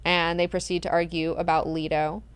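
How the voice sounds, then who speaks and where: A woman's voice: lowish voice, level tone, normal speed, smooth. A woman hosting a book club, recapping chapters in a slangy, profane, chatty way.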